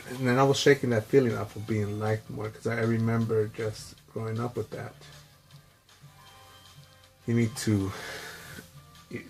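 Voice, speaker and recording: Man, low-pitched, rambling candid monologue, faint music behind. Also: level tone, a little slow, creaky, pauses often. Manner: rambling, candid, swears, mimics others in high voice. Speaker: vlogger. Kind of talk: personal reflective monologue.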